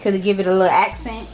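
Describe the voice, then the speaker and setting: A young cooking vlogger chats casually while she cooks for her channel, playful, teasing and slangy. Her voice is medium-pitched, with background noise behind it.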